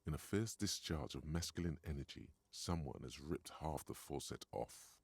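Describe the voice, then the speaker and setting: A man's voice: a bass voice, lively intonation, normal speed, vocal fry, slightly rough, no room sound, exaggerated voice. A man voicing a grave narrator in a video game, telling the scene in a dry, grimly witty way.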